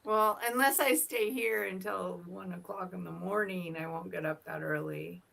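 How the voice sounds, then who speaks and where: A woman's voice: fairly low pitch, fairly even intonation, normal speed, gravelly, a bit bright, slight background noise. A woman chatting casually as a guest on a live stream, easygoing and joking. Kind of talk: casual chat.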